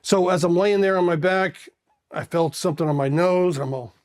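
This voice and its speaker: Middle-aged man, interview guest, casual animated storyteller, higher register. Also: brisk. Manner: animated, acts out quoted voices.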